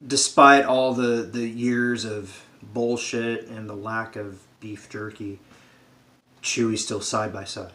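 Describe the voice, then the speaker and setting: A man's voice: fairly low pitch, fairly even intonation, takes it slowly, bright, forceful tone. A man giving a sarcastic, profane comedic rant about a film, acting out characters' lines as he goes. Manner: sarcastic, swears a lot, acts out characters' lines.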